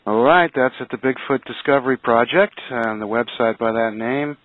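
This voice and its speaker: A man's voice: medium pitch, moderate pace. A man co-hosting a radio talk show, speaking earnestly with frequent hesitations and restarts. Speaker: radio show co-host, museum curator. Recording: tinny phone-line radio audio.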